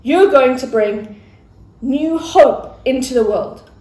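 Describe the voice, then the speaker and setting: A friendly male angel Gabriel, voiced by a woman brings news in a casual, unhurried way. The pitch sits high and moves a lot. The room adds a roomy echo. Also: mellow. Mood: reassuring. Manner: casual, laid-back messenger.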